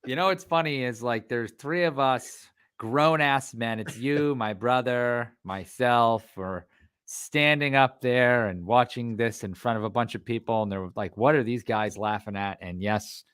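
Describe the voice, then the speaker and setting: A laid-back man co-hosting a podcast. He chats easily and goes along with his partner at a middling pitch. The mic is close and dry. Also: unhurried, a bit bright, clean tone, dry recording. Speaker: podcast co-host. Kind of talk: casual chat.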